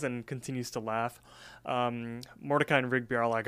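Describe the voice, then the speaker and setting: A man co-hosting a podcast, telling stories in an animated way and swearing casually. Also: medium pitch, normal speed, clean tone. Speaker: podcast co-host. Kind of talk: casual chat.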